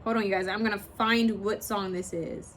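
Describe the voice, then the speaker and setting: A woman giving a casual pick-a-picture card reading, chatty and rambling, often pausing to search aloud for a word. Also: mid-range voice, fairly even intonation, slight background noise. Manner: swears and laughs casually while talking. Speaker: tarot card reader.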